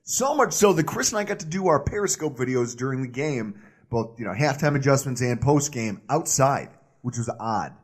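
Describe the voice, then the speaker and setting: A man's voice: medium pitch, moderate pace, breathy edge. A man hosting a sports podcast, chatting casually and joking about himself. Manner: animated, jokey, self-mocking. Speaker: podcast host.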